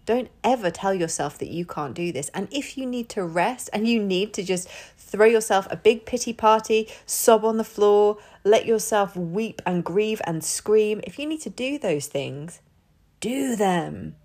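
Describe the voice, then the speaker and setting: A woman talks straight into the mic on her own podcast, frank and loose, with plenty of swearing. She laughs easily as she rambles through the episode, and her pitch sits right in the middle. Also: expressive, a little slow, darkish tone. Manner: candid, sweary, laughs often. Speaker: podcast host. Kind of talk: casual solo monologue.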